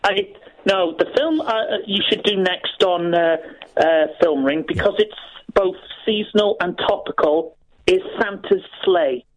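A man calling in to a radio show, talking earnestly and haltingly. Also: sits high, expressive, a little hiss or hum, poor audio. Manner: earnest, halting, repeats himself. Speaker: caller. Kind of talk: casual chat on the phone to a radio show.

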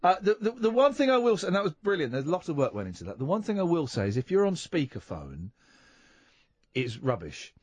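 A man's voice: on the high side, sing-song, fairly quick, darkish tone, husky, no room sound. A man hosting a radio phone-in, chatting casually and jokily, often stammering and restarting. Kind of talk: casual chat.

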